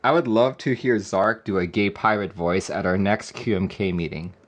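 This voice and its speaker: A man's voice: fairly low pitch, moderate pace. A man live-streaming a keyboard build, chatting casually and joking with viewers. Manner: laid-back, joking with chat, often laughing.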